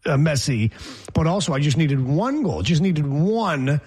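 Husky, higher-voiced sports talk host. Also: male voice, lively intonation, a little slow, a little mellow. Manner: opinionated, rambling, joking. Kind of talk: sports talk show banter.

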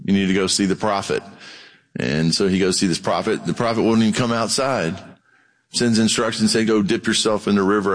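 A middle-aged man preaching a sermon in a folksy, animated way, acting out voices as he goes. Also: on the low side, big-room sound. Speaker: pastor.

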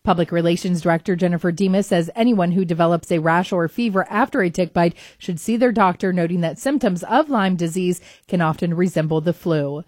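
A woman reads local news headlines on morning radio. She keeps a steady, measured pace. The sound is dry and close. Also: fairly low pitch, dry recording. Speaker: radio news reader and co-host.

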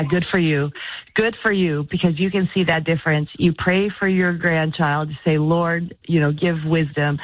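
A woman speaking in a fairly low voice gives earnest, encouraging advice as a radio guest. Her voice comes through a thin phone line. The sound is dry and close. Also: no echo. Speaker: guest author. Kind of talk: call-in radio talk.

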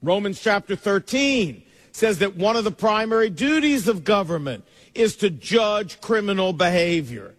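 Man, pastor, sermon, high voice, long reverb of a large hall. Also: animated, moderate pace. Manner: emphatic preaching with shifting pace.

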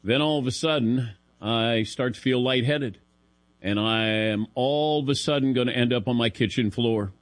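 A middle-aged man hosting a sports talk show, telling a self-deprecating story in a casual, animated way into a studio mic. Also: mid-range voice, normal speed, dry recording. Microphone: studio broadcast mic.

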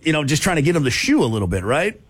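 A man hosting a radio talk show, telling a funny story with loud asides and frequent laughter. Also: a little high, racing, breathy edge, no room sound. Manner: animated, laughing storyteller with big voiced asides.

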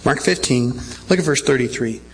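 Gravelly preacher man. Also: mid-range voice, normal speed, slight background noise, rough recording. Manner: earnest preaching, checks in with listeners. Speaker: pastor. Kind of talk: sermon.

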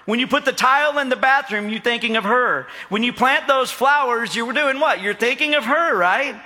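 An extremely high-pitched, pushed, and bright voice belongs to a middle-aged pastor preaching at a moderate pace. He jokes around and asks his congregation to respond, with the sermon recorded in an echoey hall.

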